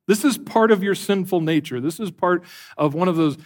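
Middle aged pastor guy, kinda high voice, storytelling sermon, punchy questions. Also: normal speed. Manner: storytelling, voices quoted characters, builds to emphatic questions.

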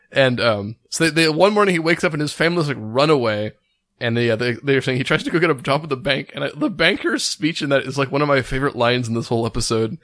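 A man rambles through a casual podcast chat, stacking "like" fillers and restarting his sentences. His voice sits at a middle pitch and sounds dry and close, with no room around it. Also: a little fast, a bit bright, no echo. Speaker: podcast co-host.

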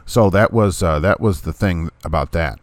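On a casual opinion podcast, a deep-voiced man hosts at a moderate pace, blunt and sarcastic, repeating himself to drive his points home. The recording is dry.

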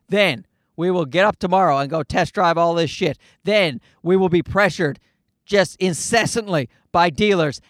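Man, podcast host, casual profane rant, worked up, dry close sound, high voice. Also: dry recording. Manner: animated, profane, worked-up ranting.

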